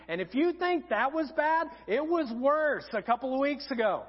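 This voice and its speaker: High-voiced pastor telling funny stories. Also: male voice, moderate pace, hardly any pauses. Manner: humorous storytelling, animated and lively. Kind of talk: sermon. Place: church auditorium. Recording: dull sound in a reverberant auditorium.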